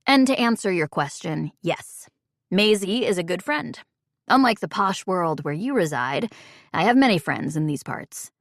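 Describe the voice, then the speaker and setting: A woman's voice: on the low side, animated, a little slow, no room sound, clean studio sound. A woman voicing a sly, teasing young man. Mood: wry. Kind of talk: audiobook character voice.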